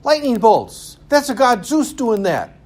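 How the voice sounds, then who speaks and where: A man's voice: very high voice, sing-song, unhurried, darkish tone, voice pushed up, full character voice. A man putting on the voice of a frightened primitive man who blames the gods for lightning, in a mocking, panicky caricature.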